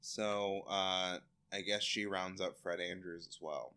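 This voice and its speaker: A man co-hosting a podcast, recapping a TV episode in casual chat, animated and laughing, acting out the characters in silly voices. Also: low-pitched, slow pace, smooth. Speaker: podcast co-host.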